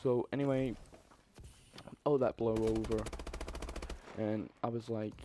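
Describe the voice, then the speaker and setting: A young man telling a story in a casual, profane, animated way, with exasperated asides. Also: on the low side, slow pace, long pauses, a little hiss or hum. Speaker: vlogger.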